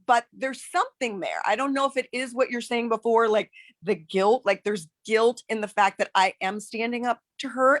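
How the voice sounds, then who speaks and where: A woman on a live coaching call, talking in an earnest, searching way with many halting restarts. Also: fairly high pitch, no room sound. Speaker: coaching client.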